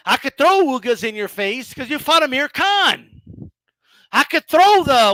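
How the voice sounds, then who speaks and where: Animated high-voiced man ranting about boxing. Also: moderate pace, dry recording. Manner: animated, profane, mocking, frequent laughs and "bro". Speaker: boxing commentator host. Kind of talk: casual ranting commentary.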